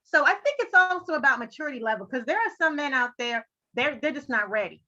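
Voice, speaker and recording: A woman tells a personal story in casual panel talk, her high voice swinging up and down. The tone is bright and chatty. The audio is dull and lo-fi. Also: expressive, quick pace.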